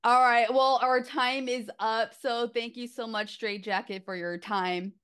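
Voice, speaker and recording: A woman's voice: a little high, steady tone, unhurried, a bit bright, clear, resonant tone. A young woman interviewing a band in a casual, playful way. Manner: playful, light laughter between questions.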